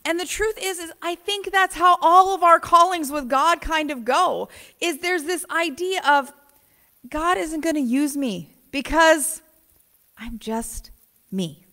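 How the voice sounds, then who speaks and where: A woman pastor preaching a conversational sermon in a church, animated and emphatic with repeated phrases. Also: very high voice, slow. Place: church sanctuary.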